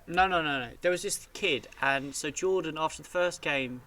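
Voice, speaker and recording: A man's voice: on the high side, normal speed, bright, forceful tone, recorded from a distance. A man co-hosting a podcast, telling stories and acting out quotes with some swearing. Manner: storytelling, swears, acts out quotes. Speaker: podcast co-host. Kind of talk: casual chat.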